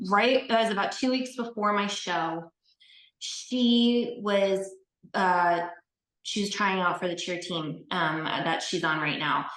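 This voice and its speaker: A woman's voice: fairly low pitch, a bit bright. A woman speaking as an interview guest and bodybuilding competitor. She tells her story in a casual, earnest and heartfelt way, with many fillers. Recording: echoey room.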